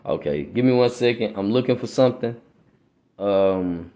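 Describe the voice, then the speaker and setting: A man with a warm, lowish voice preaches on a podcast in an animated way at a normal speed, the sound reverberant. It's informal religious teaching delivered in slangy street talk, with repeated "right?" checks and fumbles when reading aloud.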